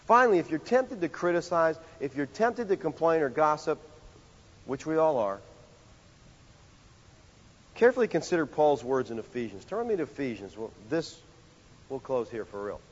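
A male pastor preaching a sermon in a conversational, animated way, full of rhetorical questions. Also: a little high, normal speed, pauses often. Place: church sanctuary. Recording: dull sound with long hall reverb.

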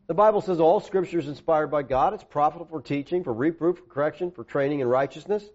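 A man preaching a sermon, emphatic, dropping lower when he reads scripture aloud. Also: fast talker, a little mellow. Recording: dull lo-fi recording.

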